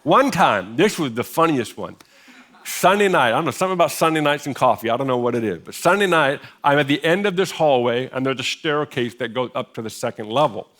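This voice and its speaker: A man's voice: mid-range voice, animated, fairly quick, fairly bright tone. Middle-aged man telling a sermon story. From United States. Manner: conversational, self-deprecating humor. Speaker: pastor. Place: church sanctuary.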